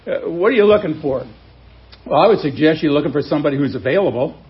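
A man's voice: on the high side, expressive, fast. Conversational preacher man, dull lo-fi sound. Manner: conversational preaching, acts out quotes, many "uh" fillers. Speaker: pastor. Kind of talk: sermon.

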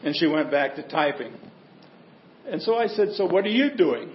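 Higher-voiced man preaching, echoey hall. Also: expressive, moderate pace, lo-fi sound, slight background noise. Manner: conversational storytelling with humor. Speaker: pastor. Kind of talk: sermon.

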